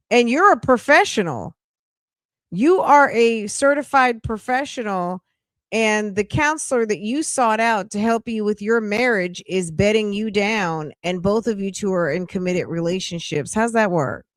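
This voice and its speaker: A woman's voice: medium pitch, unhurried, no echo, studio quality. A woman hosting a casual live commentary stream, chatty and incredulous, often laughing. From United States. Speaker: livestream commentary host.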